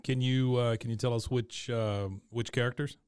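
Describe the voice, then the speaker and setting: A man's voice: medium pitch, level tone, moderate pace, a little mellow, clean tone. Male podcast host asking questions. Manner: friendly, asks questions with frequent laughs. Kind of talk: casual interview.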